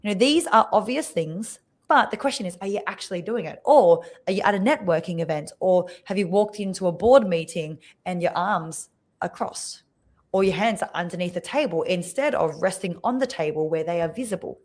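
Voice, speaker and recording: Woman coach on a video call podcast, lively teaching tone, acts out examples. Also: fairly low pitch, a little fast. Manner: expressive, demonstrates voices while teaching. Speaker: speaking coach guest. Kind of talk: podcast interview explaining.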